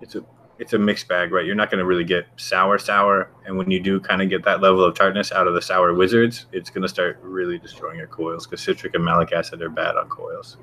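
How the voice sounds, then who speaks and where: A man's voice: sits low, level tone, brisk, pushed and bright, slight background noise. A man co-hosting a casual show, talking bluntly and swearing constantly as he rants. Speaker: show co-host. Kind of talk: casual profane chat.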